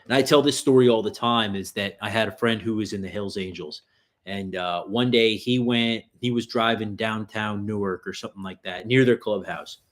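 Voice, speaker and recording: A man's voice: fairly low pitch, normal speed. A man hosting a self-defense livestream, telling rambling street-fight stories in casual, profanity-heavy chat. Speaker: self-defense channel host.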